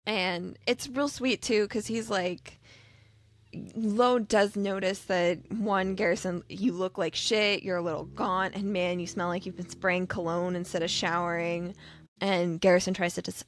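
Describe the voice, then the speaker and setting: A woman hosting a book podcast, chatting casually and acting out character lines with animated voices. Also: lowish voice, measured pace. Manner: animated, acts out character quotes in lively voices. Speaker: podcast host.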